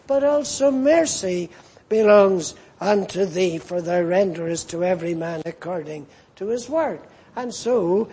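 A man preaching a sermon in a slow, earnest manner that rises as it builds. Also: high voice, dark tone, husky.

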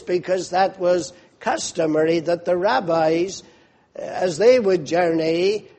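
Male preacher, high voice, slow measured storytelling sermon. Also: a little mellow. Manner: vivid storytelling, asks listeners to picture the scene.

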